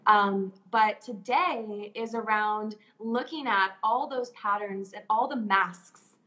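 A woman's voice: mid-range voice, takes it slowly, bright, forceful tone, poor audio. A woman hosting a casual chat, speaking earnestly and emotionally about healing and personal growth.

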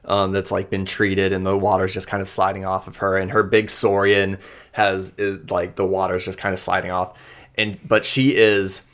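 A man's voice: low-pitched, monotone, normal speed, a bit bright. A man narrating a tabletop game as game master, loosely and with many fillers.

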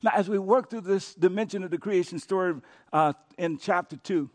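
Animated high-voiced preacher. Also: male voice, moderate pace. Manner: storytelling, animated, with dramatic rises and hushed repeats. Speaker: pastor. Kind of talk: sermon. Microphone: podcast recording of a sermon.

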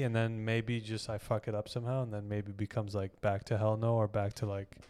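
A man's voice: on the low side, level tone, fairly quick, hardly any pauses, darkish tone, clean tone. A male comedian in casual, crude podcast banter, rambling and laughing often. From Canada. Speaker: stand-up comedian, podcast guest. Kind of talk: casual chat.

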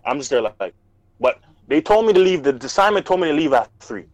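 A young man spins a story at a rapid clip, leaning on slang and acting out other people's lines. His voice sits a little high for a man and sounds close and dry, with no room around it. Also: no echo, lo-fi sound. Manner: animated slangy storytelling, acts out quotes. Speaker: podcast co-host. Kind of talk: casual storytelling chat.

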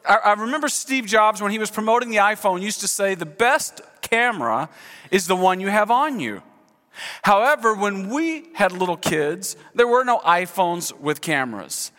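A middle-aged man preaching a sermon as pastor, shifting from hushed prayer to lively, expressive storytelling. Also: high voice. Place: large church sanctuary. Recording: long hall reverb.

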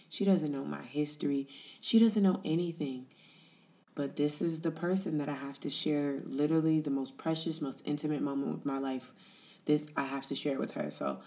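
Woman, low voice, podcast host, candid conversational storytelling, talks straight to listeners. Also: darkish tone. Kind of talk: personal storytelling.

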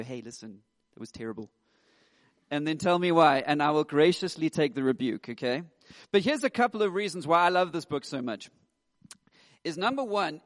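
A man in his thirties, a pastor preaching in a lively, joking, chatty way in a church. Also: a little high. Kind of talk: sermon. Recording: echoey hall.

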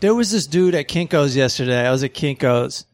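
A man's voice: medium pitch, lively intonation, fairly quick. A man co-hosting a podcast in casual chat, joking and teasing his friends. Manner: joking, teasing, often laughing. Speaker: podcast co-host.

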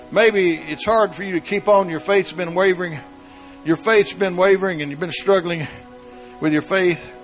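Guy preaching, high voice, soft stories then hollering, a little music behind. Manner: preaching with swings from soft storytelling to shouted emphasis. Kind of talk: sermon.

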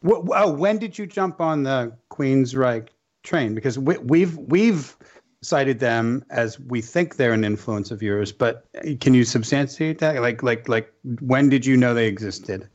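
A man's voice: medium pitch, lively intonation, unhurried, a little mellow. A man co-hosting a podcast, asking questions with stammers and restarts. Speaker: podcast co-host. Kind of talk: casual interview questions. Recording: dull lo-fi sound.

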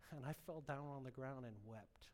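A man preaching a sermon, telling a personal story with strong emotion and building to fervent, loud exhortation. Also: medium pitch, normal speed, in a large hall. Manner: emotional storytelling, rising to impassioned shouting.

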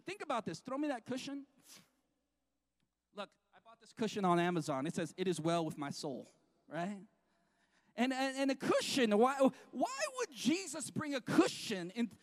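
A middle-aged man preaching a sermon in a church, lively and jokey, with restarts and acted-out quotes. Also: high voice. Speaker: pastor. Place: church sanctuary.

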